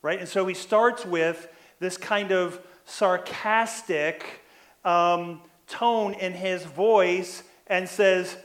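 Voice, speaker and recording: Male pastor, high voice, conversational sermon, habitual "right?" tags. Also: steady tone, drawn-out words, a bit bright, reverberant. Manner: frequent "right?" tag questions, acts out quoted lines.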